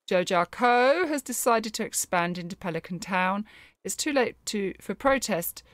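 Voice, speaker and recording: A woman reading out a snooty corporate store manager, smug and stiffly formal, who lays on sympathy he doesn't mean. He speaks in a middle-pitched, everyday voice. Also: lively intonation, moderate pace, dry recording, studio quality, close to an everyday voice.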